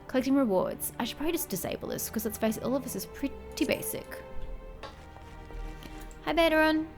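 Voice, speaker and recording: A woman's voice: high voice, animated, a little fast, over music. Chatty woman swearing over gameplay. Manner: chatty, swears freely, reads game text aloud. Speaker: gamer. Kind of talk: casual gaming commentary.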